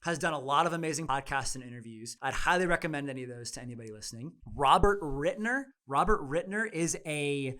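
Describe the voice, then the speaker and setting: Guy with a bright forceful voice, animated, church discussion, bit high. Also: fast, hardly any pauses. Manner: animated, acts out quoted voices. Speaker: guest speaker.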